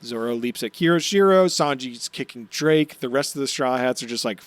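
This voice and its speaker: A man co-hosting a casual podcast, recapping anime episodes, excitable and swearing, acting out character lines in quick voices. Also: medium pitch, dry recording. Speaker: podcast co-host.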